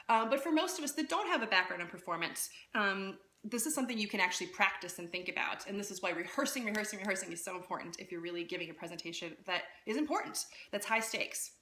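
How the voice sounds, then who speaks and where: A woman coaching public speaking in a casual live-streamed talk, lively and conversational, often checking in with "right?". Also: medium pitch, fast, hardly any pauses, reverberant. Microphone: phone.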